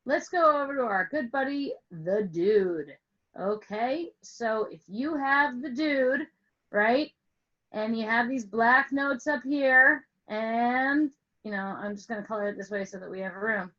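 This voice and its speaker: A woman's voice: fairly high pitch, measured pace, bright, forceful tone, dull audio. A woman music teacher telling a playful story to explain a lesson, asking questions and stretching words for emphasis over an online call. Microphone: online call with screen share.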